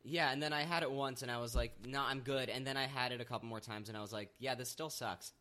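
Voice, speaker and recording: A man's voice: mid-range voice, fairly even intonation, fast talker, bright, forceful tone. A young man co-hosting a podcast, chatting casually and rambling in an easygoing, self-deprecating way. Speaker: podcast co-host. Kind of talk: casual chat.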